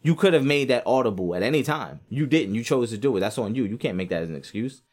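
A man giving a casual, animated commentary on boxing, rambling with lots of fillers and acting out quotes. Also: medium pitch, fast talker. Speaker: sports commentator.

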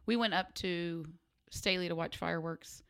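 A woman's voice: on the low side, moderate pace. A woman co-hosting a casual chat, telling a story and acting out the lines of the people in it. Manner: animated storyteller acting out quotes.

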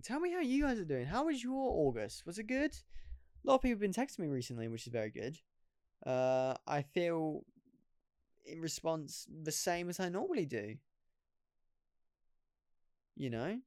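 A man's voice: a little high, a little mellow, clean tone, no echo, studio quality. A young man hosting a casual solo podcast, rambling and poking fun at himself. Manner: rambling, self-deprecating, laughs at himself. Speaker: podcast host.

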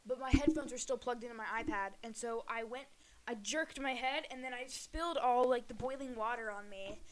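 A young woman co-hosting a podcast, telling a story in casual chat, often laughing and restarting. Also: fairly high pitch. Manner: laughing, self-interrupting storytelling. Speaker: podcast co-host.

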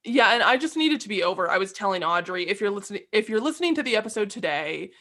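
Opinionated woman podcast co-host. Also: mid-range voice. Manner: animated, opinionated, quick to vent. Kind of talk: casual chat.

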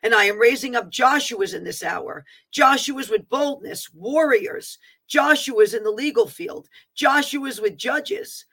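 A woman's voice: fairly high pitch, a little slow, hardly any pauses, a bit bright, husky. A woman reading a prophetic word aloud with fervent proclaiming, breaking off for plain asides about how the written text looks. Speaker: prophetic minister.

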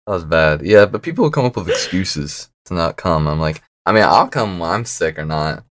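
A man's voice: deep voice, lively intonation, normal speed. A young man chatting casually as a podcast guest, laid-back and a bit mumbly, laughing often. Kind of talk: casual chat.

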